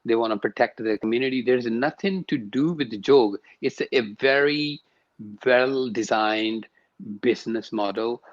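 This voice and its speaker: A yoga and sound teacher appears as a guest in an interview conversation, speaking emphatically and repeating words to drive his points home. His voice is mid-range at a normal speed, and the recording sounds lo-fi.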